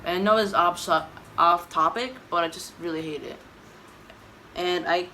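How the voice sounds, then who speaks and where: A Texan woman vlogs in a casual, opinionated ramble, often stopping to restart her sentences. Her voice sits on the low side and sounds worn out. A faint ambient hum fills the room behind her. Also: sharp tone, rough recording. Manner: rambling, opinionated, self-correcting. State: tired. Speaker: YouTube vlogger. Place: indoor room, dim lighting.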